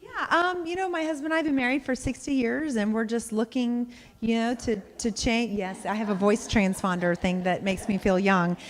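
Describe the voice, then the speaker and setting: Woman role-playing an elderly lady on a sales call, hesitant, slightly high voice, echoey hall. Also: steady tone, normal speed, hardly any pauses, lightly acted. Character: older woman prospect, married sixty years, wary.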